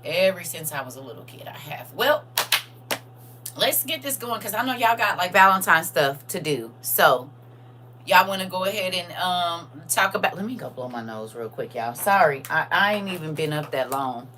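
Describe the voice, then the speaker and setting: A middle-aged woman chatting excitedly and casually to her viewers on a live stream. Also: on the low side, normal speed, a little hiss or hum, rough recording. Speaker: livestream host.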